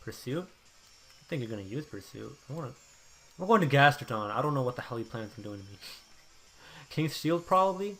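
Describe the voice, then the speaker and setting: A young man giving live commentary over his own game, swinging between quiet muttering and loud outbursts. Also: mid-range voice, animated, normal speed, pauses often, faint music behind. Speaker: gameplay commentator.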